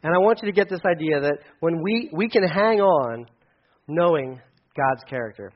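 High-voiced animated man preaching. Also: moderate pace, lo-fi sound. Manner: animated, acts out quotes with loud high bursts. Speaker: pastor. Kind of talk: sermon.

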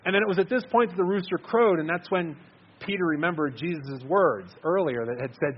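A man's voice: on the high side, fairly quick, breathy edge, dull audio. A man giving an earnest, conversational sermon, repeating words as he stresses his points. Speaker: preacher.

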